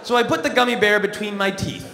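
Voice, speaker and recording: A man tells a comic story with a dry, wry delivery, his voice high and bright. He speaks into a stage mic in a large theatre, and the sound rings with long hall reverb and a faint hiss. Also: fast, creaky. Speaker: comedian. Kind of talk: stand-up storytelling. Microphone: stage microphone. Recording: echoey theatre hall from a distance.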